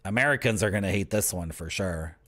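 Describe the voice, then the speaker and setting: A man's voice: deep voice, brisk, a bit bright. A young man, live-streaming and bantering with his chat in a joking, teasing, rambling way. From Canada.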